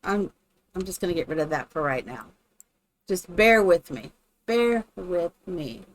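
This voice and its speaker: A woman's voice: fairly low pitch, expressive, normal speed. A woman live-streaming, chatting casually and thinking aloud while she builds in a game, greeting her viewers by name.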